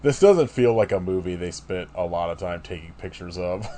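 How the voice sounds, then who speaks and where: A man's voice: deep voice, lively intonation, normal speed, dark tone. A man co-hosting a podcast, chatting bluntly, laughing and swearing a lot. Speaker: podcast co-host. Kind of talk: casual chat.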